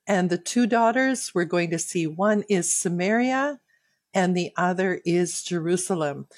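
Reading a Bible chapter and explaining each verse, this woman teacher takes a slow, earnest, personal devotional tone, yet her low-leaning voice is animated. There's no room sound.

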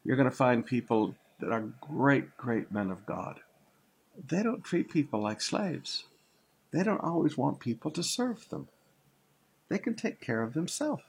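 A man's voice: medium pitch, big pitch swings, unhurried, vocal fry, husky. An older man preaching a sermon, teaching through a Bible passage in a conversational way, with asides and repeated phrases. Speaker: pastor.

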